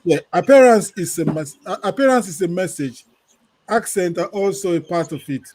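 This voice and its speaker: A man hosting a podcast, reading out listener comments in a relaxed, chatty way. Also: sits high, normal speed, slight background noise, rough recording. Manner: relaxed, chatty, laughs while reading names. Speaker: podcast host.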